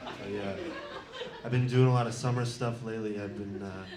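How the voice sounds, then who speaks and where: A man around twenty doing a stand-up comedy set, awkward and self-deprecating, halting with lots of "uh"s. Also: on the low side, fairly even intonation, background noise. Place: comedy club stage before a laughing crowd. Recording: echoey club with loud crowd laughter.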